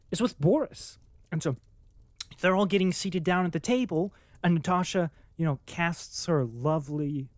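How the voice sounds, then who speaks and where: A speaker reading a chapter of a classic novel aloud, then chatting about it casually and excitedly, with lots of "like"s and acted-out reactions. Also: mid-range voice, dry recording. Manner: excitable, many filler "like"s, acts out its own reactions.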